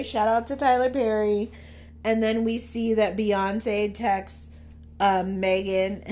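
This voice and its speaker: A young adult woman hosting a podcast, giving a blunt, casual stream-of-consciousness review full of fillers and laughter. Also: a little high. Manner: blunt, chatty, swears freely; filler-heavy with frequent laughs. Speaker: podcast host.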